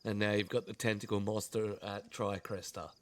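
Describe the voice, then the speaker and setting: A man's voice: fairly low pitch, level tone, moderate pace. A man hosting a casual podcast, laid-back with short reactions. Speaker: podcast host. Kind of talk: casual chat.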